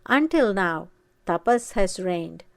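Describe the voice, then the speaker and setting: A woman reading aloud voices the devoted, saintly wife of an ancient sage, speaking slowly and emphatically. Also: mid-range voice, animated, vocal fry, dry recording. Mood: reassuring. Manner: solemn, slow and emphatic.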